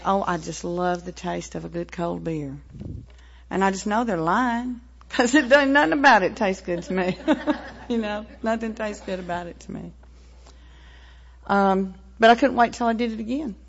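Gravelly Southern woman sharing her story. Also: fairly low pitch, fairly even intonation, moderate pace. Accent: Southern American. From American South, Tennessee-Mississippi line. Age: 40s. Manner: frank, plainspoken, with fillers and wry laughs. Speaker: recovery meeting speaker. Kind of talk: personal testimony. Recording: dull lo-fi recording.

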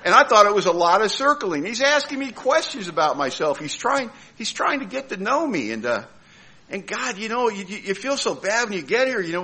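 A man's voice: high voice, pushed and bright, breathy edge. A man telling a humorous story about his own recovery, acting out the voices of other people with comic timing. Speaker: recovering alcoholic sharing his story at a meeting. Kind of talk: humorous personal recovery talk.

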